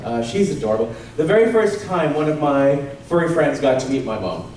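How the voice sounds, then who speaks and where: A man from Canada doing stand-up, his fairly high voice swinging up and down as he jokes and laughs at himself. He is heard from far off in a big echoey convention hall with audience noise around him. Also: fairly quick, crowd noise. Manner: animated and self-deprecating, often laughing. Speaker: stand-up comedian. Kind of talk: stand-up comedy set.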